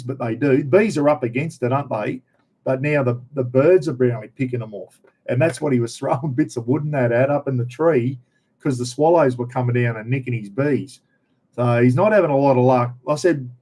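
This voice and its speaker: A man's voice: medium pitch, a little mellow. A middle-aged man with an Australian accent, chatting casually as a vlogger in an easygoing, slangy, rambling way.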